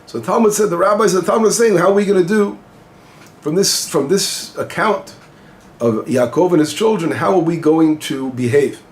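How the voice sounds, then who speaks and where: A male rabbi with a fairly high voice gives an informal lesson on the weekly Torah portion at a moderate pace. He explains and translates Hebrew phrases as he goes, posing questions and answering them himself.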